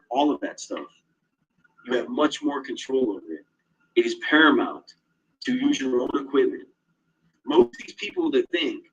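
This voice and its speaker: A man's voice: medium pitch, a bit bright, slightly rough, muffled recording. A man in an agitated, profane monologue, swearing constantly as he tells his story. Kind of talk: casual monologue.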